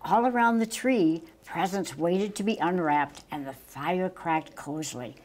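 An older woman slowly reading a children's picture book aloud, gentle and halting with small slips. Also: lowish voice. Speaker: storytime reader.

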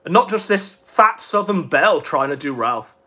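A man's voice: a little high, animated, moderate pace, sharp tone. A man giving crude, profane, mocking commentary on clips, sneering and taunting. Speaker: online commentator.

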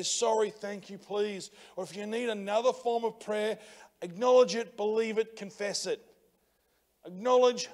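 A man with an Australian accent preaching a sermon as pastor, energetic and colloquial, swinging between loud exhortation and hushed prayer. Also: high-pitched. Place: church.

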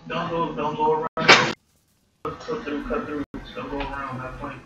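A man's voice: fairly high pitch, fairly even intonation, measured pace, echoey room, recorded from a distance, dull audio, heavy background noise. A man bantering during a game match, teasing his opponent and calling out moves. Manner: teasing, gives callouts. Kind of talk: casual banter.

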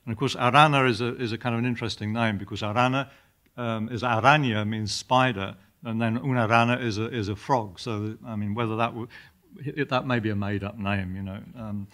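An older man giving a university lecture, halting often with fillers and repeated words as he reads passages aloud. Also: on the low side, steady tone, a bit bright.

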